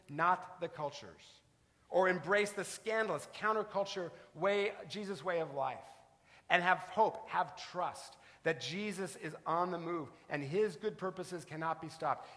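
A man's voice: high-pitched, fairly bright tone. A man preaching a sermon as pastor, telling stories with shifting emphasis. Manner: storytelling preacher, varied emphasis. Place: church sanctuary. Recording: reverberant church sanctuary.

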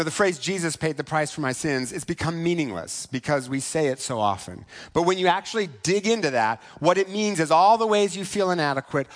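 A man preaching a sermon in a conversational way, often asking "right?" and slowing down for key points. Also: sits high. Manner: conversational, asks "right?" often, slows for emphasis. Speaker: pastor.

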